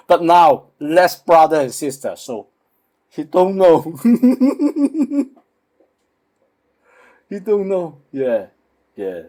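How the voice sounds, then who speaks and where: A man with a Hong Kong accent, an English learner who speaks in halting, repeated phrases in a casual lesson. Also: a little high, darkish tone. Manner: halting, repeats words, hums along.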